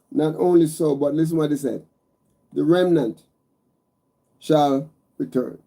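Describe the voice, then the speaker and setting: A man's voice: on the high side, dark tone. A man preaching a meditative sermon, repeating phrases and calling his listeners brothers and sisters, stacking emphatic single words.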